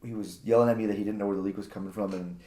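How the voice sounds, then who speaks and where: Deep-ish guy telling a wild story, acts out the quotes, roomy echo. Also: rapid-fire. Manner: animated, acts out quotes, repeats words. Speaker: guest, jiu-jitsu practitioner. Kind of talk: casual storytelling chat.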